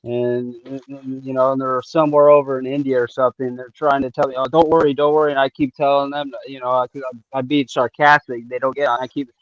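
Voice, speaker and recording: A man's voice: medium pitch, flat delivery, fairly quick, hardly any pauses, dry recording, highs cut off. A man from Eastern Washington chatting casually on a livestream, easygoing and sarcastic, often trailing off and restarting. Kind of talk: casual chat.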